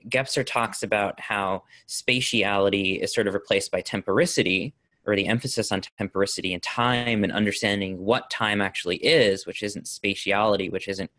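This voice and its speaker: A man's voice: fairly low pitch, fairly even intonation, moderate pace, pushed and bright, no echo. A man in a casual group discussion who speaks thoughtfully, with frequent fillers and restarts. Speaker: discussion participant.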